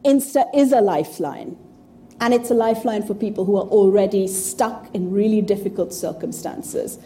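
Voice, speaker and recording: A woman's voice: mid-range voice, normal speed, mellow, slight background noise. A woman in her fifties giving an informal talk to an audience, blunt, profane and sarcastic. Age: 50s. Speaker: speaker addressing an audience.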